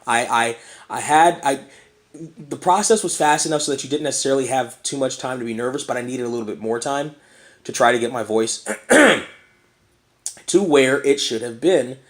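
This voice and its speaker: In his thirties, this vlogger has a hoarse, medium-pitched voice and keeps clearing his throat while he drifts through a relaxed, self-mocking monologue.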